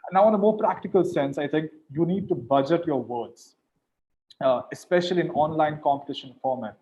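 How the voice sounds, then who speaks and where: A man judging mediation competitions gives informal coaching advice in an animated way, often repeating words as he starts a sentence. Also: a little high, fairly quick, muffled recording.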